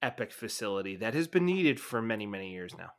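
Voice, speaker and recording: A man's voice: fairly low pitch, very animated, quick pace. A man co-hosting a sports podcast in casual, joking banter, hyping his home team. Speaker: podcast co-host.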